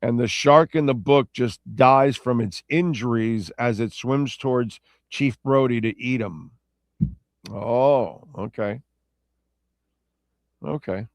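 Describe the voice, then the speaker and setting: Guy hosting a talk show, loose rambly chat, mid pitch, dry close sound. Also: takes it slowly, dry recording. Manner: rambling and self-correcting, loose and chatty. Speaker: radio show host. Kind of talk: casual sports talk show chat reading listener comments.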